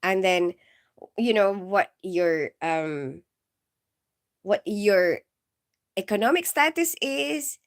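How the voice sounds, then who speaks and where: A woman's voice: mid-range voice, lively intonation, slow pace, pauses often. A woman chatting casually on a live stream, giggly and rambling, filling her talk with "like" and "you know". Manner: giggly, keeps bursting into laughter.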